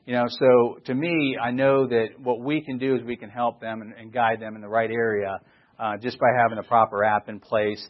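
Middle-aged male presenter, eager sales pitch, rambling delivery, dull lo-fi sound. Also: little pitch movement, normal speed. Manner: enthusiastic, rambling with fillers and restarts.

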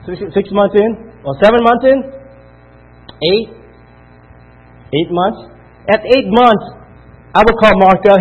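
Husky, fairly high male speaker firing questions at a sales crowd, tinny phone-like audio. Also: normal speed, pauses often. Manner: peppers the room with questions; counts out loud. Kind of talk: motivational talk to an audience.

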